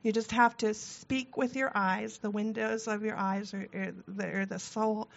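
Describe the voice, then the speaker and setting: A woman's voice: medium pitch, fairly even intonation, unhurried, creaky. Female church seminar co-leader, conversational with fillers, lo-fi recording. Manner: chatty, with laughs and filler words. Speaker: co-leader of a marriage workshop. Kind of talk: leading a church couples seminar. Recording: dull lo-fi sound.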